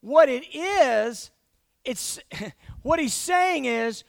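A man with a strikingly high voice and a gravelly edge preaches in a loose, talky style, stumbling over repeated words as he acts out everyday scenes. His voice sounds close and dry. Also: extremely slow, dry recording. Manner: animated, acts out everyday scenes with frequent restarts. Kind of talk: conversational sermon.

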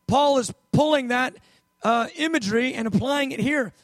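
A man with a strikingly high voice preaches a sermon, telling stories in an easy conversational way. He leans into key words by slowing right down. The sound is close and dry, with no room echo. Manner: conversational storytelling, emphatic slow stresses.

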